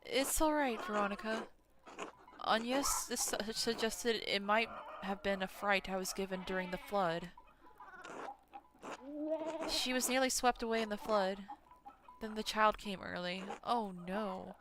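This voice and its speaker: A woman's voice: medium pitch, unhurried, pauses often, background noise, close to an everyday voice. A woman reading a weary, bitter peasant father. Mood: somber. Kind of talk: reading game dialogue aloud.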